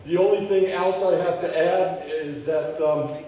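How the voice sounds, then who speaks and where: A man's voice: fairly high pitch, fairly even intonation, a little slow, lo-fi sound. Heated man at a council podium. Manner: off-the-cuff, heated, grows loud and indignant. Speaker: public commenter at city council. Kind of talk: public comment speech. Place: city council meeting hall. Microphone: podium microphone. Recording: echoey council chamber from far off.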